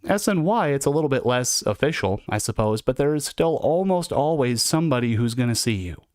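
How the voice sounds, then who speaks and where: A man with an average-pitched voice recounts his incarceration to livestream viewers in a casual storytelling monologue. He talks fairly quickly in a relaxed, conversational and reflective way. The sound is dry and close, without room echo.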